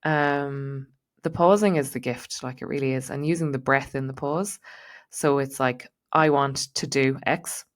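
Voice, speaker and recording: A middle-aged woman with a low, deep-set voice talks through coaching advice for her podcast. She speaks in a casual, reflective way, circling back with fillers and repeated words as she thinks aloud. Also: normal speed. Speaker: podcast host and transition coach.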